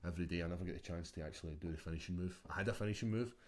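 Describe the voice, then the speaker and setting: A Scottish man chatting as a podcast guest, telling stories in an animated way, with plenty of swearing and laughter. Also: low voice, racing. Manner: animated, swearing storyteller who laughs often. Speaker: guest, mixed martial arts fighter. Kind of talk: casual chat.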